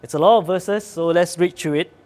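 A male preacher speaks earnestly and conversationally. His voice is slightly high for a man, and he sometimes pauses on fillers as he goes. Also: darkish tone. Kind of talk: sermon.

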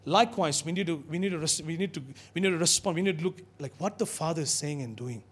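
A man preaching a sermon in a church, animated and calling out to his congregation. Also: on the high side, fast, breathy edge. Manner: animated, call-and-response with congregation.

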